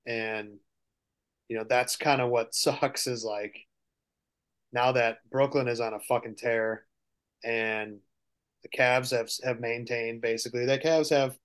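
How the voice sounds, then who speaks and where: A man co-hosting a podcast, talking casually and quietly about basketball, trailing off and swearing. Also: steady tone, measured pace, long pauses, smooth. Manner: low-key, mumbling, trailing off, swears. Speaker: podcast co-host. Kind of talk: casual sports chat.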